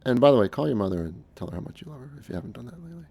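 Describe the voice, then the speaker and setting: A middle-aged man talking in a casual, unscripted monologue, earnest and halting, often restarting his sentences. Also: medium pitch, very animated, vocal fry, warm tone, husky. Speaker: speaker recounting his experiences.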